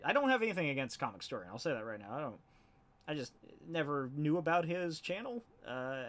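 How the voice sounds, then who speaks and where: A man's voice: mid-range voice, a bit bright. A comic artist rambling casually on a live stream while he inks, laughing often and swearing offhandedly.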